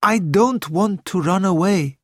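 A man's voice: high-pitched, a little slow, dry recording, studio quality, voice pushed up. A man voicing a young prince, raised and pleading. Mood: troubled. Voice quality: earnest, pleading. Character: young male prince, sad, anxious, proud. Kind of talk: audiobook reading.

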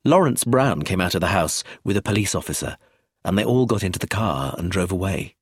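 A man reading a novel aloud as an audiobook narrator, in an expressive scripted way. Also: low voice, brisk, breathy edge, dry recording, studio quality.

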